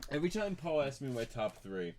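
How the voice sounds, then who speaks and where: A man's voice: medium pitch, sing-song, a little fast, noisy background. A man with a Philadelphia-area accent, co-hosting a podcast in an easygoing, teasing way and laughing along. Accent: Philadelphia-area American. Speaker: podcast co-host. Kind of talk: casual chat.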